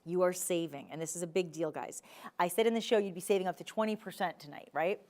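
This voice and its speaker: A woman's voice: lowish voice, quick pace, a little mellow. Chatty New Jersey shopping host woman. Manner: chatty, enthusiastic, playful asides. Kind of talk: live TV jewelry sales pitch.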